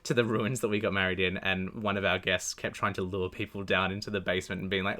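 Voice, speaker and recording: A man's voice: low-pitched, fairly even intonation, fast, few pauses, bright, forceful tone. A man co-hosting a podcast, recounting a strange experience in earnest detail. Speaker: podcast co-host. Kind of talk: casual chat.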